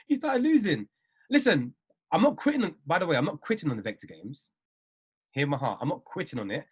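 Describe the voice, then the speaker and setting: A man coaching traders on a video call, talking in an animated, emphatic way and repeating himself for effect. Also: on the high side, normal speed, long pauses, husky. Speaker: trading coach.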